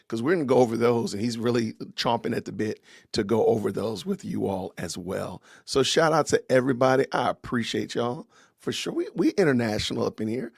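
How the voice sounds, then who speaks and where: A man hosting a casual livestream podcast, greeting viewers warmly and chatting with his guest in an upbeat way. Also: mid-range voice, vocal fry, no room sound, studio quality. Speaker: podcast host.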